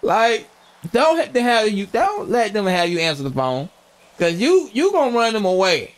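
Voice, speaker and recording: A man's voice: sits high, very animated, moderate pace. A young man streaming a role-play game, chatting casually, telling stories in slangy, profane talk and laughing often. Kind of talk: casual gameplay chat.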